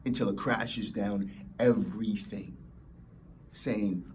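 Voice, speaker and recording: A man's voice: a little high, expressive, unhurried, a bit bright, slight background noise. A man hosting a motivational podcast, preaching emphatically and acting out whiny complainers. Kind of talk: motivational talk.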